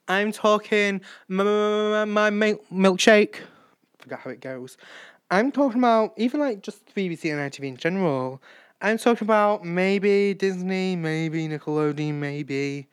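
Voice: medium pitch, clean tone, no room sound, clean studio sound. Chatty late-teen British podcast host. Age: late teens. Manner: rambling, chatty, self-mocking. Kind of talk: solo casual chat.

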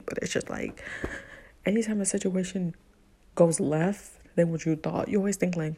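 A woman's voice: fairly low pitch, fairly even intonation, moderate pace, gravelly, mellow, breathy edge. A young woman telling a personal story in a candid, emotional way, talking casually with blunt slang and plenty of fillers.

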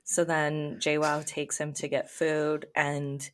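A woman's voice: deep voice, monotone, takes it slowly. A woman guest on a podcast, recapping episodes in laid-back casual chat.

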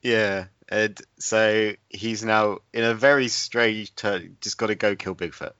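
A man's voice: fairly low pitch, fairly even intonation, unhurried, sharp tone, clear, resonant tone, no room sound. A man co-hosting a podcast, chatting casually and jokingly about a film he watched. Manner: jokey, laughs often, voices characters in retelling. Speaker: podcast co-host. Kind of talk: casual movie review chat. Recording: dull lo-fi, dry sound.

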